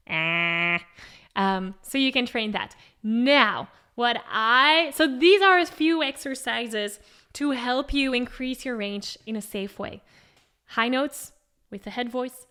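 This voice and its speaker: Bright-voiced woman teaching singing. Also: fairly high pitch. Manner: encouraging, demonstrating exercises. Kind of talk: instructional vocal lesson.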